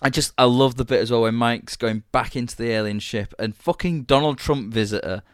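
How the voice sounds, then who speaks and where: A man's voice: medium pitch, brisk, no echo, clean studio sound. A man, chatting casually and enthusiastically about a TV series as podcast co-host, rambling and swearing freely.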